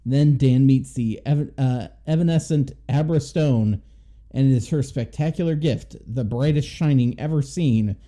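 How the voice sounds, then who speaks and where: A man's voice: mid-range voice, measured pace. A man co-hosting a movie review podcast, agreeing readily and reading a plot synopsis steadily. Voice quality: very dark, mellow voice. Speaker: podcast co-host.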